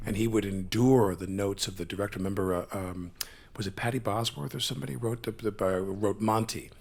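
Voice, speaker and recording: A man hosting a live stage interview, chatting and telling anecdotes in a lively storyteller manner. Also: on the low side, fairly quick, gravelly. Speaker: interview host. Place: theater stage before a live audience.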